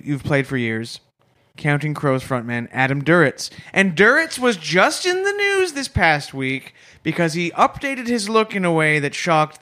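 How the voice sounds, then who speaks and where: A man's voice: fairly high pitch, bright, forceful tone. A man co-hosting a comedy podcast, asking playful, teasing questions in casual chat. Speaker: podcast co-host.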